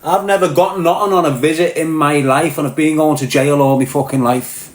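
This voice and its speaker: This middle-aged man with a Liverpool accent hosts a live stream in a slightly high, steady voice at a slightly fast pace. He casually tells crude, boastful, profane stories and responds to viewers by name, with a roomy echo on the recording.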